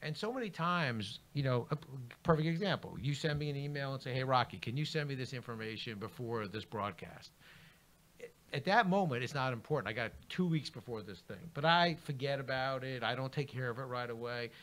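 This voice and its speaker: Animated storytelling middle-aged man. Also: medium pitch, brisk. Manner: animated, acts out quoted dialogue. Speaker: author and guest. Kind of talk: interview storytelling.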